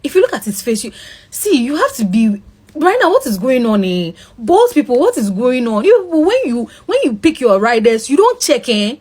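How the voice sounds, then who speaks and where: A woman's voice: fairly high pitch, very animated, moderate pace, a little mellow, slightly rough. A young woman, telling how a driver threatened her, shaken and then indignant. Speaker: victim telling her story. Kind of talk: emotional personal account.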